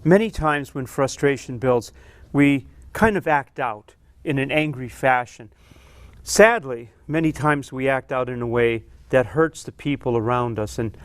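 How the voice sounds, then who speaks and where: A man's voice: medium pitch, no room sound. Earnest man telling a story in a dry studio. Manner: earnest storyteller, acts out quoted dialogue. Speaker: psychologist guest. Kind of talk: TV talk show interview.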